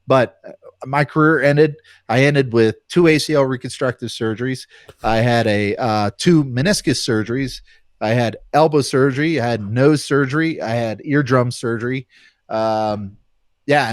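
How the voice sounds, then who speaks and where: A man on a podcast, a former fighter telling his story in a casual, animated way and acting out the voices of people he quotes. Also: mid-range voice, moderate pace, no room sound, clean studio sound.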